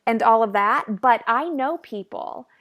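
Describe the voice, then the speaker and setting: A woman's voice: on the high side, expressive, a little slow, fairly bright tone. A woman hosting a podcast, upbeat and explaining practical tips to her listeners. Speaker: podcast host. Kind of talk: casual podcast interview.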